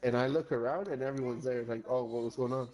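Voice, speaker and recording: A man's voice: mid-range voice, fairly even intonation, quick pace, a little mellow, rough recording. A man chatting with gaming friends, telling a long rambling story, swearing often and slipping into Spanish phrases. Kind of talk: casual storytelling chat.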